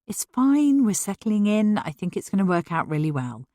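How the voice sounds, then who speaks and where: A woman reading a stressed, snappy woman in a story, with sharp, exasperated lines. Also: medium pitch, big pitch swings, normal speed, no echo, studio quality, lightly acted. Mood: brisk.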